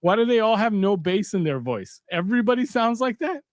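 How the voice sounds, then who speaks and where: A man's voice: high-pitched, big pitch swings, a little fast, dry recording, clean studio sound. A man co-hosting a casual football livestream, blunt and incredulous, arguing his points. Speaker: co-host.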